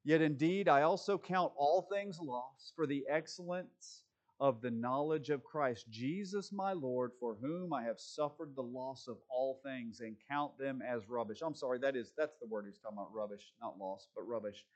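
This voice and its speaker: A man preaching a conversational sermon, reading scripture slowly and rising to emphatic peaks. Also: mid-range voice.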